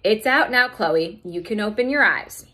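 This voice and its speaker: A woman reading a storybook aloud, voicing a calm, patient schoolteacher who explains things in a soothing way. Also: medium pitch, normal speed.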